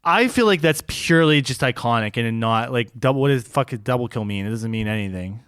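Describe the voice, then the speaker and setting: A man's voice: medium pitch, expressive, brisk, fairly bright tone, clean tone, no echo, clean studio sound. A man co-hosting a podcast in casual chat, laid-back and swearing casually. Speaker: podcast co-host.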